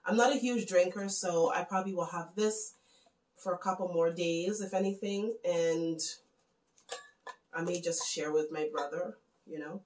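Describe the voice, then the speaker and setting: A woman's voice: lowish voice, normal speed, darkish tone, reverberant, low-quality recording. Chatty woman gushing over gifts. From West Indies. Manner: chatty and gushing, addresses viewers as guys. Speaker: home vlogger. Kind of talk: casual gift show-and-tell.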